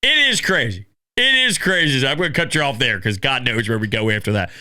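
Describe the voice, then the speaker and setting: A man hosting a casual sports talk show, taking calls and rambling excitably. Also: mid-range voice, brisk, over a noisy crowd. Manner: excitable, laughing, rambling with restarts. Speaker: sports podcast host.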